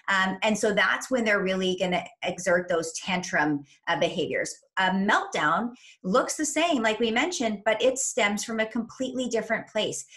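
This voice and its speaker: Woman, parenting coach, podcast interview, instructive, upbeat, medium pitch. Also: a bit bright. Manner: upbeat, instructive, acts out what parents say to kids.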